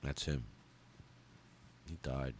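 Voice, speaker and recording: A man hosting a podcast, reading out a memorial list in a heartfelt, angry way, swearing and pausing as he falters. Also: very deep voice, fairly even intonation, darkish tone, slight background noise. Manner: heartfelt, angry and profane, with halting pauses. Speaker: podcast host.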